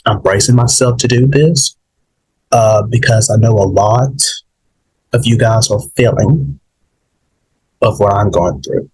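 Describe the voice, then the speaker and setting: A man hosting his own podcast, rambling and halting with many fillers and restarts, emotional and holding back tears. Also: lowish voice, darkish tone, husky, rough recording. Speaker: podcast host. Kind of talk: emotional solo podcast monologue.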